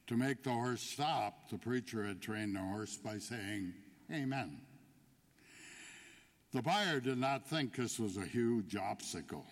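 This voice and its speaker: A man preaching a homily as a deacon, telling a joke story in an unhurried way before turning to the point of the sermon. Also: on the low side, lively intonation. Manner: storytelling, unhurried, builds to punchlines. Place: church. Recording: long church reverb.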